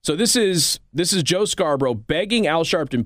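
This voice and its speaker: A man's voice: a little high, lively intonation, normal speed, hardly any pauses, fairly bright tone, no room sound, clean studio sound. A man hosting a commentary show, talking casually with a sarcastic, rambling manner and frequent restarts. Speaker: political commentary host.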